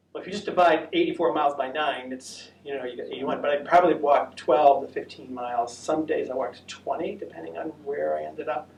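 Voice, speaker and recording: A creaky, fairly high-voiced American man gives a casual senior center talk about a long walk, taking audience questions. He's chatty and rambles, with many fillers. The voice comes from a distance in an echoey room, with faint noise.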